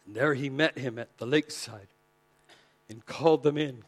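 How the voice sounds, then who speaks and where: A man preaching a sermon with passion, swinging between loud emphasis and near-whispered lines. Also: medium pitch, normal speed.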